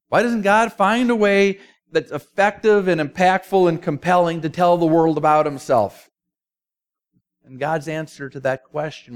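A man preaching a sermon, telling a story with emphasis and dropping to a quiet voice at times. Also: fairly high pitch.

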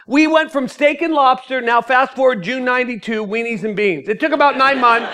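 A middle-aged man telling his story of going into ministry, animated and acting out the people in it. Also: extremely high pitch. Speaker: ministry founder giving his testimony. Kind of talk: storytelling testimony.

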